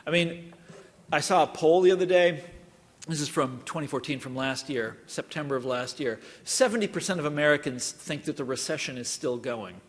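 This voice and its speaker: A man's voice: on the high side, normal speed. Wry middle-aged man lecturing in a hall. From Kansas. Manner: wry, conversational and digressive. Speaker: guest lecturer. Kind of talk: university public lecture. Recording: long reverb of a lecture hall.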